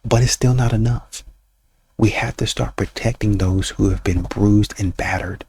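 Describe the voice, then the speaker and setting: A man's voice: lowish voice, fairly even intonation, measured pace, darkish tone, slight background noise. A man hosting a reaction channel, giving sarcastic, mocking commentary in a casual way.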